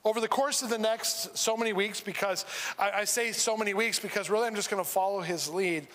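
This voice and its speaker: A man's voice: sits high, fairly quick, fairly bright tone. A man preaching a sermon in a church, talking in a loose, joking way with many restarts. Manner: conversational, humorous, with frequent restarts. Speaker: pastor. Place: church sanctuary. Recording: reverberant church hall.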